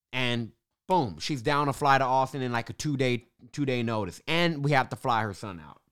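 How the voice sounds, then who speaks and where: A man telling the story of launching his business in a casual, animated monologue, swearing and laughing now and then. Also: medium pitch. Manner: animated, swears, laughs between beats, restarts often.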